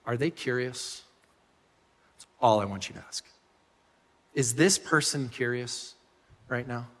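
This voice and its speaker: A man preaching a sermon as pastor, telling stories with animated swings from loud bursts to soft asides. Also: mid-range voice, a little slow, big-room sound. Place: church hall.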